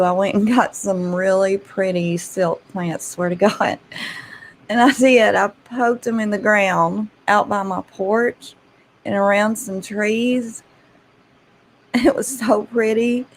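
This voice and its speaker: A woman's voice: mid-range voice, a little hiss or hum, poor audio. Chatty woman telling stories. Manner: chatty, laughs often, addresses listeners as y'all. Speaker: channel host. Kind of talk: casual storytelling to viewers.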